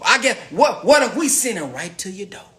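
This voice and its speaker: A man talks straight to his live viewers, swinging his pitch up and down with plenty of life as he hypes them up. He circles back over his points and keeps calling out to the crowd. His voice rings a little in a roomy space. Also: very animated, moderate pace, heavy background noise. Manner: emphatic, repetitive, calls out to the audience. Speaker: livestream host promoting a farm venture.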